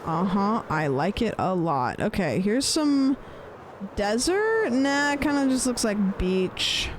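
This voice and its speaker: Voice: medium pitch, animated, unhurried, background noise. A streamer chatting casually while gaming, rambling and swearing, playfully repeating phrases with different stress.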